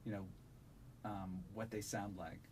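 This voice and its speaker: A man's voice: on the low side, a little slow, slight background noise. Resonant-voiced male audiobook narrator. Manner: relaxed, thoughtful, with frequent fillers. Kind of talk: conversational interview.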